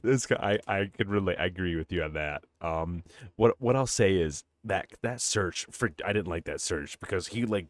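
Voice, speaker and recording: Middle-aged guy, lowish voice, swears a lot recapping a movie, dry close sound. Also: normal speed, dry recording. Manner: animated, profane plot retelling. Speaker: podcast co-host. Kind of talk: casual movie discussion.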